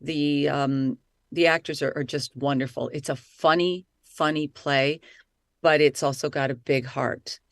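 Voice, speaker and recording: A middle-aged woman, an actress and voice-over artist, chatting excitedly in an interview. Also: deep voice, a little slow, dry recording. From Italy. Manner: lively, talkative, excitable. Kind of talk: casual interview chat.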